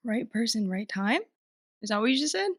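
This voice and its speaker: A young woman co-hosting a casual podcast chat, giggly and quick to react. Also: on the high side, very animated, no room sound, clean studio sound. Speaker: podcast co-host.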